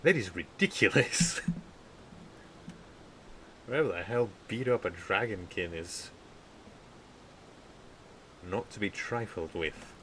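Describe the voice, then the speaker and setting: Very deep-voiced, tired male streamer. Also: lively intonation, sharp tone, slight background noise, low-quality recording. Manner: slow and measured, stumbling over words. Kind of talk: live game commentary and story reading.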